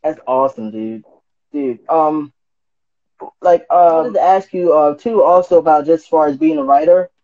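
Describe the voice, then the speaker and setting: A man hosting a casual interview, relaxed and enthusiastic with easygoing slang. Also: a little high, moderate pace, dull audio. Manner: casual, says dude, enthusiastic reactions. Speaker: host.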